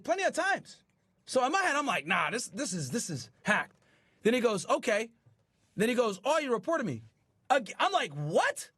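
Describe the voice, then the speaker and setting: A man hosting a streaming show, talking casually to his live chat and retelling a story in an animated, profane, incredulous way. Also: very high voice, no room sound, clean studio sound.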